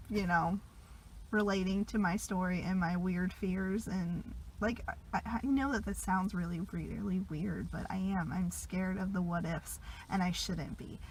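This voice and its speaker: Bright-voiced young woman chatting. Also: mid-range voice, slight background noise, rough recording. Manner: chatty, laughs often, trails off into soft asides. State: sick, a bit congested. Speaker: vlogger. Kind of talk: casual confessional vlog.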